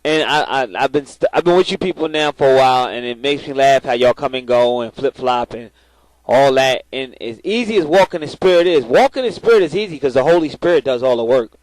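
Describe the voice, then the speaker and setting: A man's voice: mid-range voice, animated, fairly quick, darkish tone, no echo, poor audio. A man giving spiritual advice to his viewers in a blunt, profane, preachy way, often repeating words as he starts. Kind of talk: casual spiritual talk to camera.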